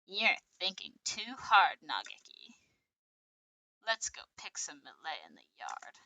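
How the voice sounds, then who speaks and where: A woman voicing a caring older sibling bird who speaks in a gentle, reassuring way. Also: lowish voice, sing-song, takes it slowly, no room sound, full character voice, low-quality recording.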